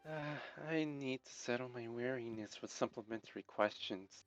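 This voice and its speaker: A man's voice: medium pitch, moderate pace, no room sound, faint music behind, close to an everyday voice. A man reading the part of a wary, overly formal young girl, asking stiff, textbook-like questions. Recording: dull lo-fi mic.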